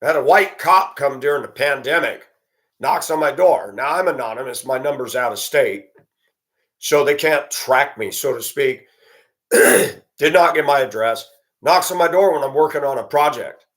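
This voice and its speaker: A man's voice: medium pitch, moderate pace, fairly bright tone. A man vlogging an angry, profane monologue at his computer. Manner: indignant, profane, ranting.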